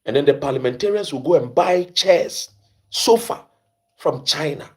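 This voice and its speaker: A man's voice: sits high, expressive, normal speed. A man from Ghana with a Ghanaian accent, hosting an impassioned commentary in a preachy way, repeating phrases for emphasis. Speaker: host.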